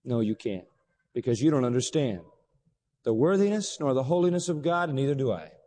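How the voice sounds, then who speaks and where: A man preaching a sermon as pastor, animated, asking rhetorical questions and pausing for effect. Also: medium pitch. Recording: long reverb of a large hall.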